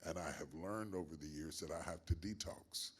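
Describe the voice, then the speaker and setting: An older guest pastor speaks in a low voice over slight background noise, answering interview questions. His cadence is measured and emphatic, like preaching, and he repeats phrases.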